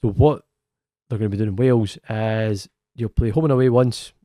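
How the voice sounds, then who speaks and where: A man's voice: lowish voice, dark tone, no room sound, studio quality. A man co-hosting a football podcast in a casual, chatty way, often restarting his sentences. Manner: chatty, self-correcting, quick laughs. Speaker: podcast co-host. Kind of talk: casual chat.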